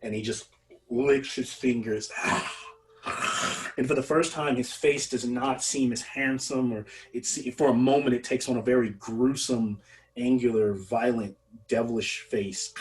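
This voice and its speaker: Guy running a tabletop game, slow and easy, mic a bit far, faint music under. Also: medium pitch, steady tone. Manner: unhurried, descriptive, with fillers. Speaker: game master.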